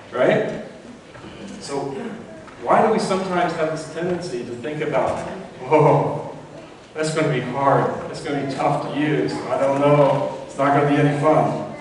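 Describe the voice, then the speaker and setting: A man preaching a sermon in a church, talking in a conversational way with many asides to the congregation. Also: slight background noise. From Florida. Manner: conversational, rises in pitch when acting out voices in a story. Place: church sanctuary. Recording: echoey church hall from far off.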